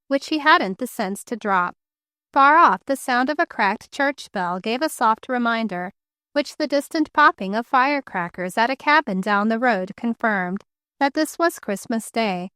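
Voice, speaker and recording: A woman audiobook narrator reading a novel in measured, even storytelling style, recorded close on a studio microphone. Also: high voice, clear, resonant tone, no room sound. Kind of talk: scripted narration.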